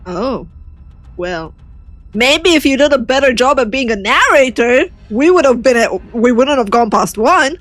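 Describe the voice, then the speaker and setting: A young woman streaming a game, giggly and animated, with a high voice that leaps around. She talks unhurriedly, reading choices aloud between laughs. Faint game music plays behind her. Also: measured pace, no echo. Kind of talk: live-stream gameplay commentary.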